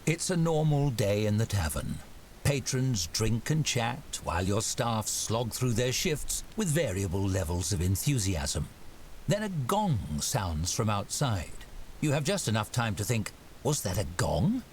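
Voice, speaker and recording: A man's voice: lowish voice, very animated, a little slow, a little hiss or hum. A man giving scripted narration for a story game in a dry storybook manner.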